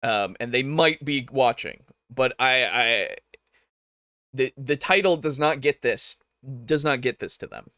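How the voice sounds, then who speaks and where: A man reacting to videos as host, arguing with what he hears in an animated, talkative way and laughing often. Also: medium pitch, unhurried, dry recording, studio quality. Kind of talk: casual reaction commentary.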